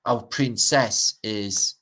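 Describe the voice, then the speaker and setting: A middle-aged Welsh man hosts a casual livestream in a fairly low voice, calling out viewers by name. He rambles from one thought to the next and swears freely as he goes. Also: drawn-out words, sharp tone. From Wales. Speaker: livestream host. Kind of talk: casual livestream chat reading out comments.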